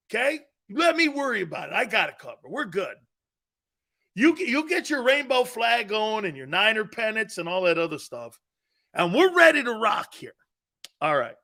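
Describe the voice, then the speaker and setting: High-pitched, animated sports talk host. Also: male voice. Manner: teasing, joking, often laughing, responds to chat. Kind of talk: live sports talk show banter.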